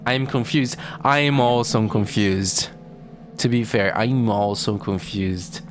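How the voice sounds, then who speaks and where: A streamer chatting casually and reading a text game aloud with animated reactions. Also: medium pitch, takes it slowly, faint music behind.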